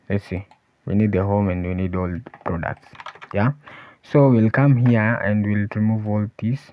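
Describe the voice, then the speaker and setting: A man teaching a coding tutorial, thinking aloud as he types and often pausing to say "let's see". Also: on the low side, slight background noise. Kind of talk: screen-recorded coding walkthrough. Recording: dull lo-fi voice recording. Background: keyboard typing and clicks.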